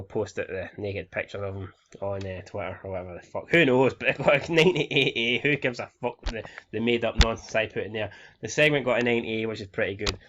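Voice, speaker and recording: A young man from Scotland talks through his game in a loose, profane way, reading out scores and ratings as he goes. His pitch sits in an ordinary middle range. The recording sounds slightly muffled and lo-fi. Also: fairly bright tone. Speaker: game commentator. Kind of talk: casual let's-play commentary.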